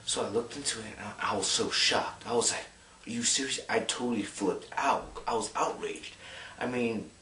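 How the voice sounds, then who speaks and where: A man's voice: fairly low pitch, slight background noise. Rambling young man, echoey and distant. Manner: excited, rambling, fond of filler words. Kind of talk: casual monologue to camera. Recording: roomy, distant mic.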